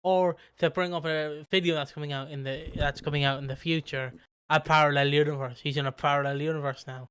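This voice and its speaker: A man co-hosting a podcast, talking in a rambling, animated way and swearing freely. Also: fairly high pitch, brisk, a little hiss or hum. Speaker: podcast co-host. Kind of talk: casual podcast chat.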